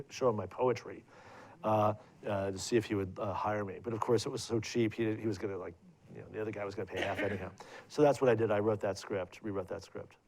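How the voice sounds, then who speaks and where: With a lowish, slightly mellow voice, a middle-aged filmmaker on stage at a student event drifts from story to story about his career. His telling is digressive and full of fillers and restarts.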